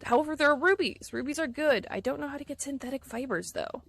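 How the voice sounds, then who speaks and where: A woman's voice: sits high, lively intonation, fast talker, creaky, a bit bright, slight background noise. A woman streaming a video game, chatting casually and laughing easily with her viewers as she plays. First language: English. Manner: chatty, giggly, easily distracted. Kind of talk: casual gameplay chat with viewers.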